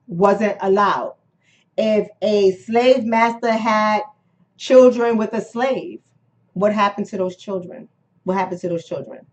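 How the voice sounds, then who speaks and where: A woman's voice: medium pitch, darkish tone. Woman, book club host, emphatic and repetitive, on dull lo-fi livestream audio. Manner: emphatic, repeats key phrases, rhetorical questions. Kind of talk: live-streamed book discussion.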